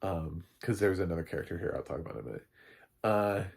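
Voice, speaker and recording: A man giving a casual, rambling film recap, full of fillers and quick laughs. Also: low-pitched, expressive, vocal fry, a little mellow, slightly rough. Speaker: film reviewer.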